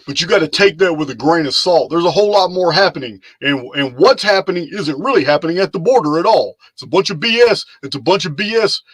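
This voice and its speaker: A man's voice: fairly high pitch, lively intonation, quick pace, hardly any pauses, fairly bright tone, breathy edge, no room sound. A man hosting a casual live chat, loose and rambling, often repeating himself as he talks. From lives in Texas. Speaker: live stream host.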